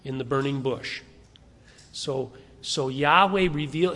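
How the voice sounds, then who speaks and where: A man's voice: mid-range voice, takes it slowly, a bit bright, long reverb tail. A man preaching a sermon to a congregation, conversational and asking them questions. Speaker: pastor.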